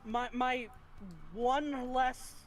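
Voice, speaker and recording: A man's voice: extremely high pitch, fairly even intonation, very slow, a crowd in the background. A man playing a tabletop game, pleading with the others and talking casually. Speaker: player.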